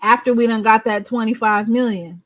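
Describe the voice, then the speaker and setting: A woman hosting a casual live podcast, animated and joking with her viewers. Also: on the high side, moderate pace. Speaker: podcast host. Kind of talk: casual livestream chat.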